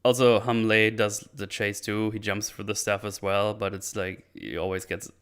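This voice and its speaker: Guy rambling thru a movie recap, kinda low smooth voice, swears a lot. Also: little pitch movement, fairly bright tone. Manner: rambling, swears freely, puts on quick voices for characters. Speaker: film reviewer. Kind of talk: casual film recap.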